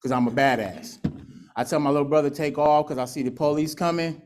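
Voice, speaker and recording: A man tells his story in a blunt, streetwise way, acting out the voices of family and friends. His voice sits a little higher than most men's. He speaks candidly about a hard past at a recovery meeting. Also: brisk, a little mellow, slight background noise. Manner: candid, streetwise storytelling with laughs and acted quotes. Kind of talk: personal testimony at a recovery meeting.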